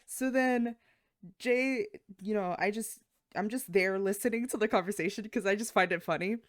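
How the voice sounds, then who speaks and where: Lively young woman telling work stories. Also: mid-range voice, normal speed, no room sound, studio quality. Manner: animated, swears, acts out quoted voices. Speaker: podcast co-host. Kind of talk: casual storytelling chat.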